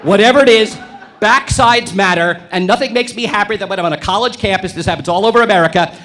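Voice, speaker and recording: Guy doing stand-up at a club, kinda high bright voice, brash deadpan edgy delivery. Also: fast talker. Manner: brash deadpan provocation, building to punchlines. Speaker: stand-up comedian. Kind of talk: stand-up comedy set. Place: comedy club stage.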